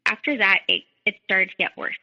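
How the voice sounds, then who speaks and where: A young woman guests on a podcast, telling her own story in a medium-pitched, slightly fast voice that's bright and forceful. She quotes other people in dialogue and says "like" a lot. The dull, lo-fi recording sounds like it was made in a large hall.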